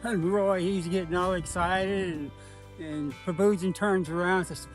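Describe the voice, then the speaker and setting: A man tells an old flying story in a halting way, full of fillers. His voice sits a little higher than most. Faint music plays behind him. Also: steady tone. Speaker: interviewee. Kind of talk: storytelling in a casual interview.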